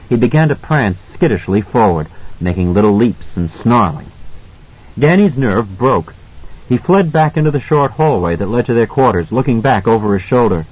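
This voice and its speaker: A man narrating an audiobook in a measured, suspenseful reading style. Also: on the low side, lively intonation, a little mellow, slightly rough, dull audio. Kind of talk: scripted narration.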